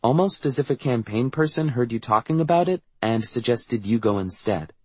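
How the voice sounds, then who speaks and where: A skeptical teenager with a sharp tongue, voiced by a man. The voice is husky and lightly raised. The sound is dry and close. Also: medium pitch, animated, normal speed, no room sound, pitched above the performer's own voice.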